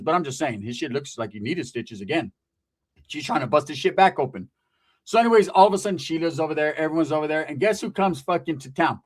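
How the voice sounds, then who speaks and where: A man from Northern California telling a comedic story in a profane, rambling, slangy way, often checking in with "right?". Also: on the high side.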